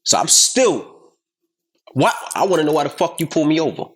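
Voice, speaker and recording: A man in his thirties co-hosting a casual podcast, telling a story with lots of swearing and loudly acting out the voices of the people in it. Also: a little high, brisk, slightly rough. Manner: animated, profane, acts out quotes loudly. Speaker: podcast co-host.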